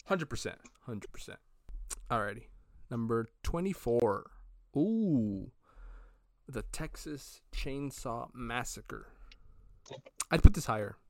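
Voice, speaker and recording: A man co-hosting a casual podcast, chatting in a relaxed, agreeable way and often saying "alrighty.". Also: mid-range voice, dry recording, studio quality. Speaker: podcast co-host. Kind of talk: casual chat.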